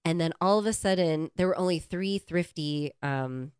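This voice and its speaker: A young adult woman co-hosting a podcast, telling a travel story in animated, casual chat and swearing freely. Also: on the low side, moderate pace, clean tone, no room sound, studio quality. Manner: animated storyteller who swears and acts out quotes. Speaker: podcast co-host.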